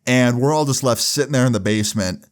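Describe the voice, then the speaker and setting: A man's voice: mid-range voice, fast. A young man telling a storytime vlog in a casual, profane way, with lots of filler words. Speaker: vlogger.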